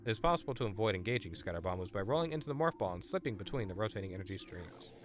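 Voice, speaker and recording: A man streaming a game live, chatting excitably with viewers and stammering over his words. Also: on the low side, rapid-fire, over music. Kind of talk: live gameplay stream chat.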